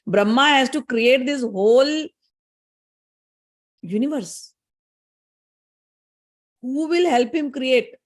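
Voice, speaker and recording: A woman's voice: high-pitched, takes it slowly, pauses often. Woman retelling a scripture story. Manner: conversational, explanatory, with fillers and asides. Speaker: spiritual teacher.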